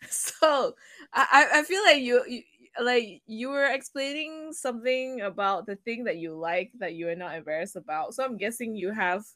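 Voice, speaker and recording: A woman co-hosting a casual podcast, giggly and teasing. She drops in quick remarks and easy laughs as she talks. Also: fairly high pitch, expressive, bright, forceful tone, dry recording, studio quality. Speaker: podcast co-host.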